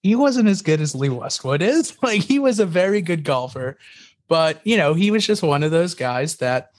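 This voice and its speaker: A man's voice: fairly high pitch, moderate pace. A man co-hosting a casual podcast, telling stories animatedly with frequent laughs and fillers. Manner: animated storyteller, laughs often, many fillers. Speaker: podcast co-host. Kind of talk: casual chat.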